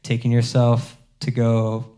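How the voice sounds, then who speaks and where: A man pastor giving a sermon in a relaxed, conversational way, with many fillers and restarts. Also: medium pitch, slow. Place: church.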